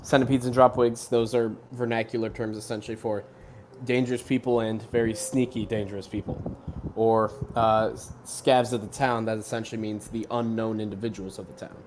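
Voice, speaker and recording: A man's voice: fairly low pitch, flat delivery, brisk, darkish tone, a little hiss or hum. A man playing in a tabletop game who explains his character's slang at length in casual chat. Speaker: player.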